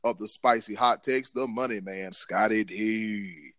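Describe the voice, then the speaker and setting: A man's voice: lowish voice, measured pace, fairly bright tone, dry recording. A man hosting a casual sports podcast, hyped up, slangy and self-mocking. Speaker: podcast host.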